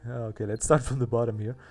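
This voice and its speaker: A man's voice: mid-range voice, mellow. A man hosting a let's play, chatting casually and thinking aloud as he plays, with a self-mocking manner. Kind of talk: casual gameplay commentary.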